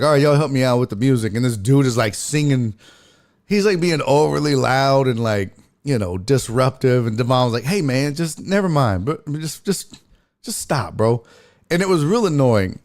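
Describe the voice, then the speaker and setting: A male comedian hosting a casual show and spinning a story from the road. His pitch swings widely as he talks, and he tells it in a loose, profane way, restarting lines as he goes. His voice sits at a middle pitch for a man. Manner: animated, profane, with frequent restarts. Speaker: host and stand-up comedian.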